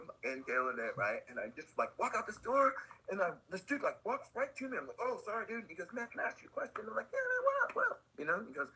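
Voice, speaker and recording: Man, raspy, very bright and piercing tone, lively pitch swings, animated storyteller, slangy. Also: low-quality recording. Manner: acts out quoted voices, swinging high and low; laid-back slangy talk with laughs. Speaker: podcast guest, skateboarder.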